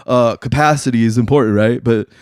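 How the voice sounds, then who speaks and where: A man hosting a casual talk show, talking in slang and acting out other people in quick voices. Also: medium pitch, a little mellow, clear, resonant tone, no room sound, studio quality. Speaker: podcast host. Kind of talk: casual chat.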